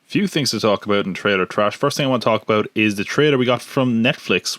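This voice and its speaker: A man's voice: lowish voice, quick pace, few pauses, fairly bright tone, dry recording. A man hosting a casual solo podcast, chatty and joking, with lots of fillers and restarts. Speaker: podcast host.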